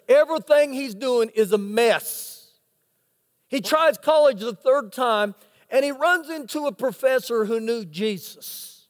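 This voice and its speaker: Male pastor with a very high voice; dramatic sermon storyteller, recorded with long church-hall reverb. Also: unhurried. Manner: dramatic storytelling with rhetorical questions. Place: church sanctuary.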